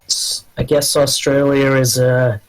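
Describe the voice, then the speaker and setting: A man co-hosting a podcast, chatting casually with friends and making deadpan jokes. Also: medium pitch, measured pace, low-quality recording. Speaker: podcast co-host. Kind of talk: casual chat.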